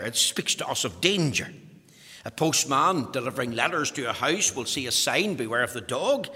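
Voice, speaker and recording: A man preaching a sermon, emphatic and building to forceful exhortation. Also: on the high side, big-room sound.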